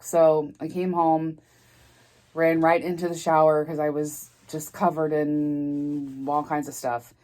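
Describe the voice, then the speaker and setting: A middle-aged woman vlogger telling a story in a halting, rambling way, near tears. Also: low voice, a little mellow. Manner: rambling, halting, emotional, restarts often. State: tearful, near crying. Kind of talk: casual storytime vlog.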